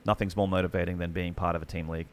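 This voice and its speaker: An Australian man, a guest esports commentator, telling rambling, excitable stories in casual chat. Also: low voice, racing, slight background noise. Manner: rambling, excitable anecdotes with many restarts.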